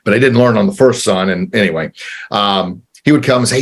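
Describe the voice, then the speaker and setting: A man in his forties, an entrepreneur guest, telling a candid personal story in an earnest, halting way with repeated words, getting choked up. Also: fairly low pitch.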